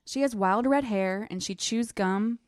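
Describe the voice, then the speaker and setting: A woman's voice: medium pitch, unhurried, a little mellow, dry recording. Woman, podcast co-host, chatty, laughs a lot, dry recording. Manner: chatty, giggly. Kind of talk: casual book discussion.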